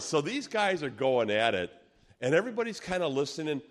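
A man preaching, telling a personal testimony as an animated storyteller who acts out the people he quotes. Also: fairly high pitch, brisk. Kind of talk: sermon storytelling.

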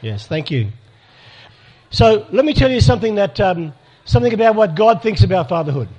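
Man, slightly high voice, pastoral workshop leader addressing a live crowd. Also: very animated, fairly quick, darkish tone, husky. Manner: pastoral and direct, asks audience for hands up. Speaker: speaker at a church conference. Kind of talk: live workshop talk to an audience.

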